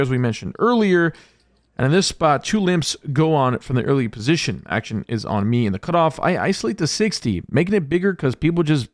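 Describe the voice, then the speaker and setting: A man's voice: mid-range voice, no room sound, clean studio sound. A man narrating his poker hands as a vlog voice-over, upbeat and jokey in a play-by-play way. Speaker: poker vlogger. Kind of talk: voice-over hand recap.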